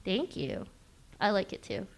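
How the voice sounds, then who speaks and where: A woman's voice: mid-range voice, very animated, a little slow, vocal fry. A woman hosting a live convention panel, teasing and playful with the audience, laughing often. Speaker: panel host.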